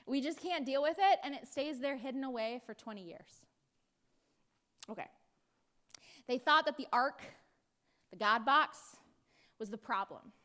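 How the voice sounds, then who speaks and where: A woman's voice: on the high side, a bit bright. An American woman pastor preaching a sermon in a playful way, acting out voices now and then. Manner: playful, acts out voices with laughs.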